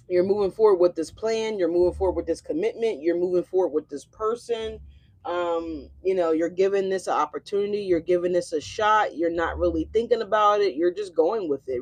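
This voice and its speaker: A woman's voice: fairly low pitch, darkish tone. A woman doing a casual tarot reading, chatty and brash, swearing freely and talking straight to her viewers. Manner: chatty, brash and profane, addresses viewers directly. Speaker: tarot reader.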